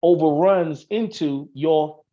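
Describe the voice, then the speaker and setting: A man's voice: on the high side, slow, dark tone. Guy talking on a call, lots of restarts and ums, kinda muffled sound. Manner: earnest, thinks aloud with many restarts and fillers. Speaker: Masonic officer, guest on an online show. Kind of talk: casual explanatory chat.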